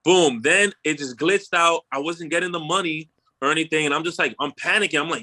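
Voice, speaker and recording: Casting: young male podcast host, high and bright, animated slangy storyteller who swears freely. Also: a little fast. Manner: animated storyteller, slangy, swears, acts out his own quotes. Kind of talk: casual storytelling chat.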